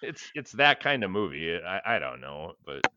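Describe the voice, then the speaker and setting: Animated, swearing podcast host guy. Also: low-pitched, normal speed, highs cut off, background noise. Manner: profane, ranting, animated. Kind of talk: casual chat.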